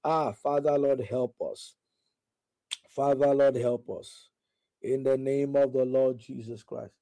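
A man's voice: mid-range voice, level tone, slow pace, mellow, no echo. A man preaching a sermon and leading a fervent, repetitive prayer, speaking in tongues at times. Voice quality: praying in tongues. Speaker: pastor.

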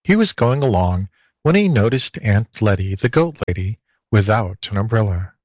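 Male storybook narrator: unhurried, melodic, dry close recording. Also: on the low side, expressive, darkish tone, no echo. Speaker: volunteer audiobook reader.

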